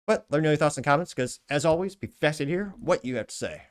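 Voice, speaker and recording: A man's voice: on the high side, animated, fast, clear, resonant tone. A man hosting a political commentary show, casually reading out viewer comments with blunt, sarcastic asides.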